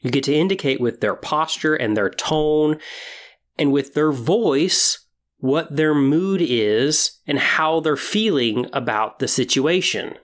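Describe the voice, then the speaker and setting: A podcast host lays out opinions in a measured, explanatory monologue. The pitch sits in a middling range, and the delivery reasons things out step by step. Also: animated.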